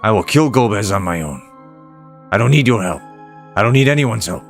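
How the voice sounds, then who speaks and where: A man's voice: on the low side, fairly quick, creaky, faint music behind. A man reading as a stern old sage. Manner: flat reading of game text aloud.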